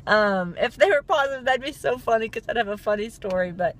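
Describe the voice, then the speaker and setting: A woman's voice: a little high, expressive, quick pace, fairly bright tone. A young woman with a stuffy nose, rambling through a story in a casual vlog and laughing along the way. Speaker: vlogger.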